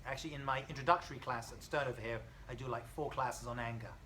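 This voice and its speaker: A man's voice: mid-range voice, fast, a little hiss or hum, poor audio. A man, a rabbi, giving an informal college class, telling stories animatedly and joking with students. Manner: animated storyteller, acts out dialogue, jokes with students.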